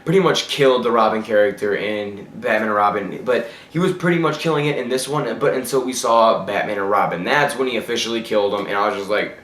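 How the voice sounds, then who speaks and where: A man's voice: lowish voice, fast, few pauses, a bit bright, a little hiss or hum. Blunt man reviewing in an echoey room. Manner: blunt, ranting, trips over words. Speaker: movie reviewer. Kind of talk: casual opinionated review.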